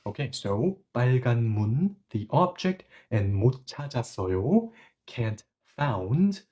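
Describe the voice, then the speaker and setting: Mellow-voiced man teaching grammar live. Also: mid-range voice, sing-song, brisk. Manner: explains step by step, often apologizes and self-corrects. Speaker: Korean language teacher. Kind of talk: live-streamed language lesson.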